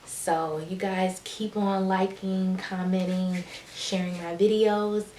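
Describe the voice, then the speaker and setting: A woman's voice: medium pitch, little pitch movement, takes it slowly, warm tone, reverberant, a little hiss or hum. A woman vlogger chatting casually and encouragingly to her viewers as she shows a hair routine. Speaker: beauty vlogger. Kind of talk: casual how-to chat.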